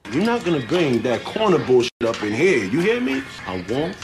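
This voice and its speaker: An actor as a hard-edged Baltimore drug boss, laying down the law in a mid-pitched voice that rises and falls sharply. Music plays under him. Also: male voice, sing-song, normal speed, close to an everyday voice. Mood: commanding. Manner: hard, commanding, profane. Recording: film scene with music behind.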